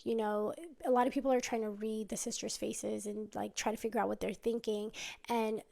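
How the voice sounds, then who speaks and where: Chatty woman with a gravelly voice. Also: medium pitch, level tone, fairly quick, warm tone. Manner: chatty, leans on "like" and "you know". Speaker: storytime narrator. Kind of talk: casual storytime recap.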